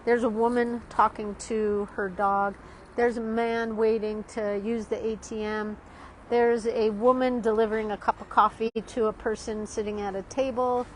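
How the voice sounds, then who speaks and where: Her voice sits on the high side and her delivery is flat at a normal speed as she vlogs about being an art teacher from a city's outdoor street café. Chatty and rambling, she laughs a lot and often says "right?" at the end of sentences. Street ambience plus a little hiss or hum mark the rough recording.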